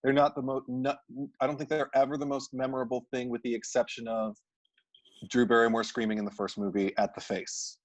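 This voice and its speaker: Speaking a little quickly at a medium, level pitch, a man co-hosts a casual movie discussion. His take is thoughtful and analytical, and he keeps correcting himself by restarting sentences.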